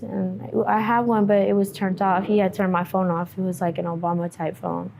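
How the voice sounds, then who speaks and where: Woman interviewee, dark mellow tone, monotone, halting testimony. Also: mid-range voice, gravelly. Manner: halting, many fillers, quiet and subdued. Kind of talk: personal testimony.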